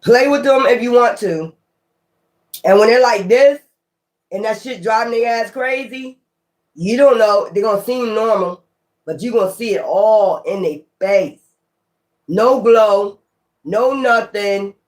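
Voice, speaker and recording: A man giving a casual tarot reading to his viewers, blunt and profane, talking in an animated way. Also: high-pitched, unhurried, pauses often. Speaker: tarot reader.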